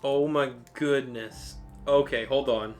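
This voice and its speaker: A man's voice: mid-range voice, fairly even intonation, slow pace, faint music behind. A man hosting an unboxing video, talking in an enthusiastic, rambling way as he gushes over each item. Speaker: unboxing channel host. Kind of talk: excited unboxing commentary.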